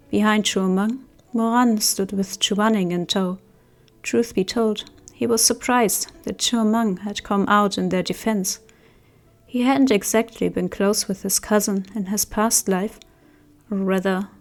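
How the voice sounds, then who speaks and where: A woman reading an audiobook, narrating in a steady, measured way. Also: mid-range voice. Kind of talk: scripted narration.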